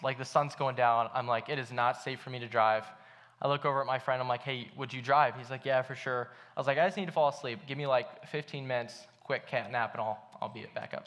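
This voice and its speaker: A man's voice: medium pitch, fairly bright tone. A young man preaching a sermon at a church, telling a story in a casual way with many fillers. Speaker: pastor.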